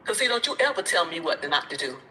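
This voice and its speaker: A woman's voice: on the low side, sing-song, fast talker, bright, forceful tone, slight background noise, rough recording. A woman on a live stream, confrontational and repetitive as she calls people out.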